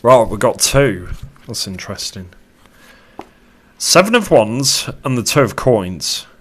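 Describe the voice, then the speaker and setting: A man giving a casual tarot reading to camera, chatty and animated, with casual swearing. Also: mid-range voice, takes it slowly, a little hiss or hum. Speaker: tarot reader.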